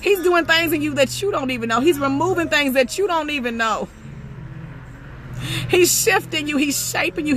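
A woman preaching a fervent sermon, repeating praise phrases and rising to shouts. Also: high voice. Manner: rhythmic repetition, rising to shouts. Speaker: prophetess preaching.

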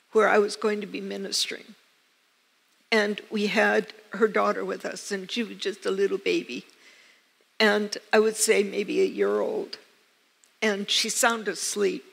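In a church sanctuary filled with long reverb, an older female pastor from the United States delivers a sermon in a mid-range, gravelly, husky voice with a bit of brightness. Earnest and emphatic, she repeats herself as she shares personal stories.

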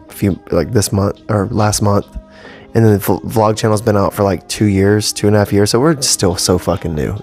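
A man's voice: on the low side, creaky, a little mellow. A man in his thirties hosting a casual solo podcast from home, talking bluntly with lots of swearing and rambling asides. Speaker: podcast host. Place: home studio with cables. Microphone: podcast mic.

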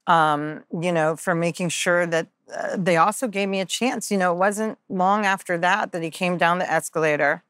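Low-voiced woman on a podcast, earnest story, lots of ums, acts out the lines, dry sound. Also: normal speed, hardly any pauses, fairly bright tone, dry recording. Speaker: podcast guest. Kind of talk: candid personal storytelling.

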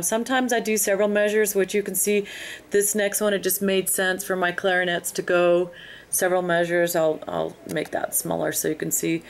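A woman narrating a screen-recorded tutorial, explaining her steps in an unhurried way with frequent ums. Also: mid-range voice. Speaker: music software instructor.

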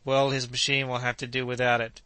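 A stubborn, doubting gentleman hunter, voiced by a man who refuses gruffly. The voice is bright and smooth, recorded dry and close. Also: mid-range voice, completely flat delivery, fairly quick, dry recording, natural voice.

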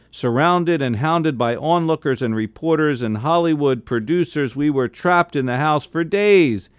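A man, a cantor, reading a bedtime story aloud with lively, expressive delivery, jumping into high excited voices for the characters' lines. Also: dry recording, clean studio sound. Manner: jumps into high excited voices for family members' quotes.

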